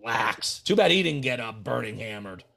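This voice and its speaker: A man's voice: mid-range voice, lively intonation, normal speed, gravelly, bright, forceful tone. A man in casual podcast chat as a wrestling manager, brash and boastful, trash-talking people.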